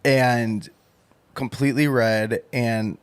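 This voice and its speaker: A man with a mid-range voice chats casually as a podcast guest. He is laid-back, laughs often, and lets his lines trail off softly. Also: mid-range voice, steady tone, takes it slowly, clean tone. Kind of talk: casual chat.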